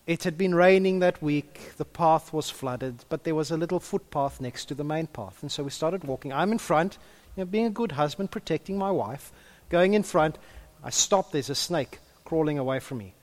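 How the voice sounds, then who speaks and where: Speaking at a normal speed in a slightly high voice, this pastor delivers a sermon full of stories. His manner is lively and conversational, and he chats freely with the congregation.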